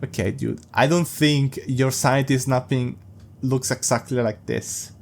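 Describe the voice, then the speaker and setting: Guy reading a creepy story out loud and roasting it, mid-pitched voice, sarcastic. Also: steady tone, unhurried, creaky. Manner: amused, sarcastic asides, laughs often. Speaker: podcast host reading a story. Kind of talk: casual reading with mocking commentary.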